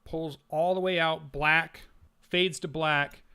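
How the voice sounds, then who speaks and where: A man's voice: a little high, steady tone, slow pace, bright, forceful tone, clean tone. A man narrating a tabletop role-playing game as game master, setting scenes like camera shots, with frequent fillers and restarts.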